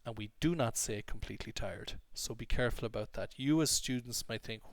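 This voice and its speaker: A man with an English accent teaching vocabulary in an online lesson, explaining clearly and emphatically with many repeated examples. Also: medium pitch, brisk, hardly any pauses, dry recording.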